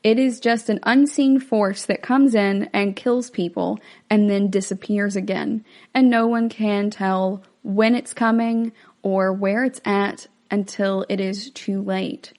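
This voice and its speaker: A woman's voice: medium pitch, little pitch movement, slow pace, a little mellow. A woman hosting a podcast, explaining a film in a chatty, casual way. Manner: chatty, explanatory, acts out quotes. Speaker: podcast host.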